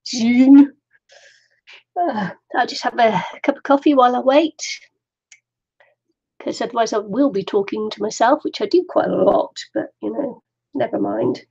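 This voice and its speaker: Chatty woman, middle-aged, craft stream host, gravelly, muffled lo-fi sound. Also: on the high side, lively intonation, moderate pace, a little mellow. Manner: chatty, laughs often, talks to herself. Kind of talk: chatty live stream while waiting for viewers. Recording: dull lo-fi live stream audio.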